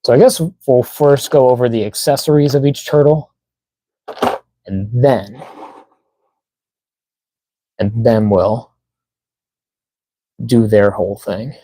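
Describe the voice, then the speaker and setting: Slow, mellow-voiced man unboxing toys. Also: medium pitch, no echo, low-quality recording. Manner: muttering to himself while fiddling with packaging. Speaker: toy collector streamer. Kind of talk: casual live-stream unboxing chat.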